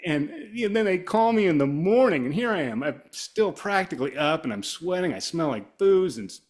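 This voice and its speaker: A middle-aged Ohio guitarist, a guest in an interview, speaks in a slightly high voice at a fairly quick clip. In casual chat he tells long, rambling, animated stories and acts out the voices of the people he quotes.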